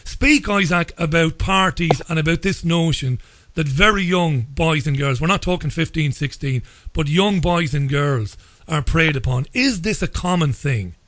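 A middle-aged man with an Irish accent hosting a talk radio interview, speaking in a measured, deliberate way and often restarting his sentences. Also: a little high, a bit bright, dry recording. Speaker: radio host.

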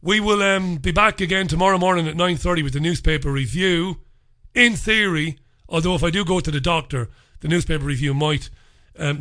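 An unwell man hosts his own show alone, launching into a fiery, foul-mouthed rant. His voice sits high for a man, with a bright, piercing edge. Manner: heated, profane, forceful ranting. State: unwell with a lingering infection. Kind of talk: solo monologue, ranting commentary.

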